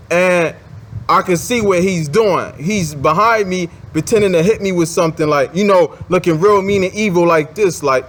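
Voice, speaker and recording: Man rambling through a personal story. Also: high voice. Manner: rambling, many fillers and restarts. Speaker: advice vlogger. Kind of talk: casual storytelling monologue.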